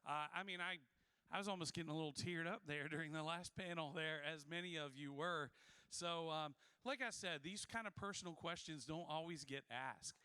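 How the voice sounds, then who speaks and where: A man's voice: fairly high pitch, fairly quick, pushed and bright, smooth, no echo. A man moderating a convention panel, introducing the next guest in an upbeat, earnest way.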